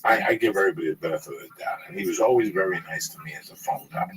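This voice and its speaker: A man in casual chat who talks in a low-key, confiding way and sometimes drops his voice to a near whisper. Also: rapid-fire. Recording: distant mic with crowd noise behind.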